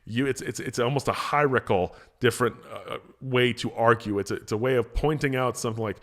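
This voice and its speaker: A man's voice: mid-range voice, a little fast, fairly bright tone. A man hosting a motivational podcast, talking casually with energy, often repeating himself and restarting phrases. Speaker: podcast host, motivational speaker.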